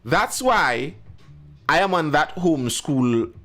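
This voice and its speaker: A man's voice: fairly high pitch, very animated, takes it slowly, a bit bright, faint music behind. A man hosting a live stream, giving emphatic commentary and answering viewers in the chat by name. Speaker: live show host.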